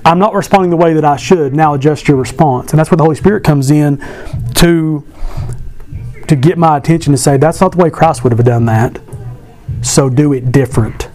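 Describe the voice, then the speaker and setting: A man's voice: on the high side, brisk, darkish tone, faint music behind. A man giving a casual devotional talk to a Bible class, asking many rhetorical questions and adding joking asides.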